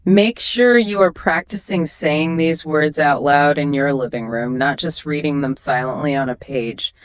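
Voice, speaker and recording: A woman co-hosting a scripted English exam lesson, explaining words and pronunciation in a clear, instructive way. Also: sits low, a little slow, no room sound. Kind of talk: scripted two-host lesson dialogue.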